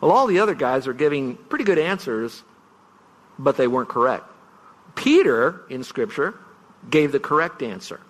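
A man's voice: medium pitch, lively intonation, normal speed. A middle-aged man preaching a farewell sermon as pastor, earnest and storytelling, leaning on single words to stress them. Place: large church sanctuary. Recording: long hall reverb.

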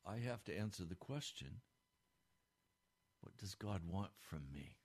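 Slow, impassioned preaching man. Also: expressive, a little mellow. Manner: impassioned preaching, rising to emphatic peaks then dropping low. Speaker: pastor. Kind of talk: radio sermon.

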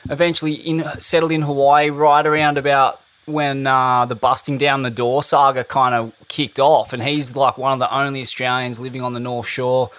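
A man's voice: medium pitch, level tone, moderate pace, few pauses, fairly bright tone, clear, resonant tone, no echo. A man hosting a podcast, casual and swearing freely while reading out listener questions. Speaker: podcast host. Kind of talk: casual interview chat.

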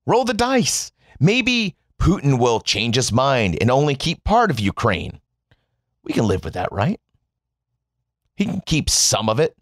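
A man delivers a biting political rant, swearing freely and mocking as he goes. His pitch swings widely from low grumbles to high jabs. The recording is dry and close, with no room sound. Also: huge pitch swings, measured pace, pauses often, fairly bright tone, no room sound. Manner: mocking, sarcastic, emphatic swings in tone. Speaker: commentator.

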